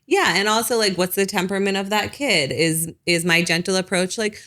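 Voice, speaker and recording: On a podcast, a woman psychologist appears as a guest and explains things at length in relaxed speech full of "like" and "you know," slipping into other voices for brief quotes from parents. She has a medium-pitched, fairly bright voice and speaks briskly, barely pausing.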